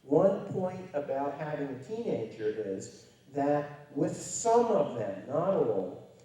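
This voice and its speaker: The speaker, a man, is giving parents a public lecture in a wry, conversational storytelling style with emphatic stresses. His voice is rather high and mellow, moves through big pitch swings, and unfolds slowly. He stands distant from the mic in a hall with strong echo.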